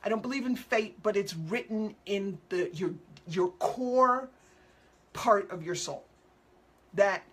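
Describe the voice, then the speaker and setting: A woman's voice: mid-range voice, slow, pauses often, husky. A woman hosting a show as an animal communicator, chatting casually and upbeat with viewers, answering their questions in loose, repetitive phrasing and acting out quotes playfully.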